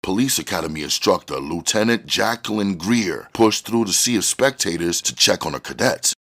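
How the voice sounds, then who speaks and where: Deep-voiced man reading a story. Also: lively intonation, normal speed, fairly bright tone. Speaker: audiobook reader.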